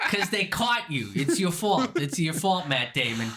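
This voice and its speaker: A hectoring guy lecturing someone about taking responsibility, as a man puts him on. The voice is bright and forceful, pitched high and loud. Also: very animated, unhurried, exaggerated voice. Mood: scolding.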